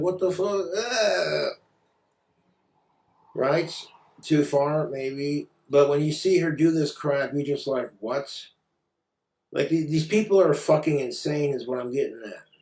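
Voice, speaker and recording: A man's voice: fairly high pitch, a little mellow, roomy sound. A man ranting in a commentary vlog, sarcastic, exasperated and full of swearing. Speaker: commentary vlogger.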